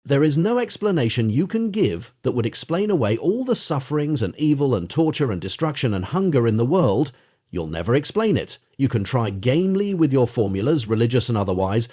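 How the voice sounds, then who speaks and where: Husky, earnest male spiritual teacher. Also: mid-range voice, warm tone. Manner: earnest, direct, addresses the listener as "you". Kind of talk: spiritual talk with storytelling.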